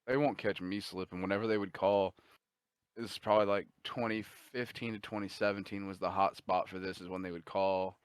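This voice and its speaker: A young man co-hosting a podcast, telling stories in an animated, profane, casual way. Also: low-pitched, brisk, clear, resonant tone, no echo. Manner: animated, profane, swearing often. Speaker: podcast co-host and storyteller. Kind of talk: casual chat, storytelling.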